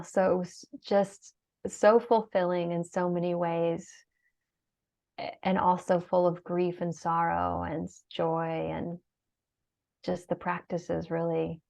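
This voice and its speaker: A middle-aged woman with a fairly low, gravelly, somewhat mellow voice appears as a guest in an emotional interview. Heartfelt and at times tearful, she uses many fillers, and the recording sounds dull and lo-fi.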